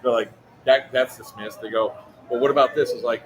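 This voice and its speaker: Man, casual storyteller, fast talker, profane, outdoor event noise. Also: medium pitch. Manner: fast, animated, swearing anecdote teller. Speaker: livestream co-host. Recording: noisy event ambience.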